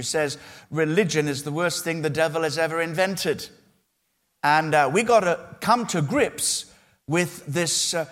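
A male pastor delivering a sermon to his congregation. His voice sits a touch higher than most men's, and he speaks in an earnest, emphatic way, leaning on key phrases and pausing between them. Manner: earnest, emphatic preaching with measured pauses.

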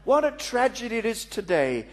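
A man's voice: very high voice, sing-song, moderate pace. A man, a pastor, preaching a sermon to a congregation, telling a story with playful asides. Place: church before a congregation.

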